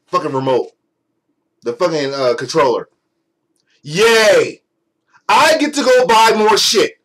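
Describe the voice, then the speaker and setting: A man's voice: sits high, a bit bright, rough recording. A young man delivering an angry, profane, sarcastic rant as a gaming vlogger.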